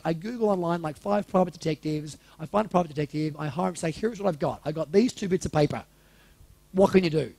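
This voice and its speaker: A man's voice: on the high side, gravelly, darkish tone, no room sound. A man in his forties telling a personal story to a live audience in a candid, casual way, swearing freely and asking the room questions. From Australia. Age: 40s.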